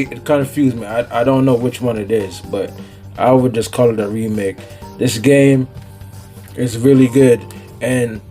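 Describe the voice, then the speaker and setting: A man with a Jamaican accent hosts his own gaming vlog as a YouTuber, chatting casually in a laid-back, slangy style. His voice is medium-pitched and a little mellow.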